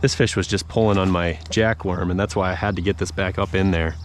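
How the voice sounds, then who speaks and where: A man with a lowish voice gives relaxed play-by-play while fishing from a paddle board, chatting to the fish and his viewers as he goes. He is recorded outdoors on a small camera mic, with a faint outdoor hiss behind him. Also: a little fast. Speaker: fishing vlogger. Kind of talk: casual running commentary while fishing.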